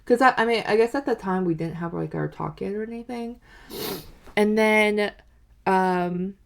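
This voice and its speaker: A woman's voice: medium pitch, moderate pace, gravelly. A woman in her twenties telling a dating story in a rambling, casual way, with lots of "like" and "you know". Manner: animated, acts out quoted lines. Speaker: vlogger.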